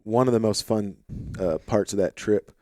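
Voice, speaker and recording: A man with a light Arkansas twang hosting a podcast, chatting in a relaxed, rambling way with plenty of fillers, in a home office. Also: lowish voice, moderate pace, no echo, studio quality. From St. Louis, Missouri. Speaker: podcast host. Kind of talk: casual conversation.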